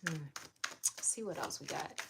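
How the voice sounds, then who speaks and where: A chatty woman tarot reader talks in a candid, casual way, swearing freely and laughing often. Her voice sits fairly low. A steady noise runs behind her the whole time. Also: measured pace, creaky. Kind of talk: casual livestream tarot reading. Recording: audible background noise.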